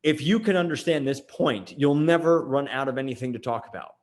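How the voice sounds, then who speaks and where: A man talks through marketing lessons in a loose, emphatic way. He restarts sentences and piles on fillers as he goes. His voice sits at an ordinary middle pitch. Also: a little fast. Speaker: host. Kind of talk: casual marketing talk to camera.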